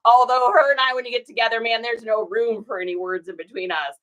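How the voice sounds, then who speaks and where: A woman chats through a casual live stream as she packs and ships orders. She tells stories and reads viewer comments aloud in a folksy way, saying y'all. Her voice sits a little high and sounds bright and forceful. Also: fairly even intonation, quick pace. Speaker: reseller hosting a live shipping stream.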